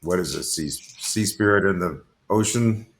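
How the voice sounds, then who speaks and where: A man in character as a pirate captain in a tabletop game, talking slowly and hesitantly. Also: low-pitched, a little hiss or hum. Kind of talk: in-character tabletop role-play.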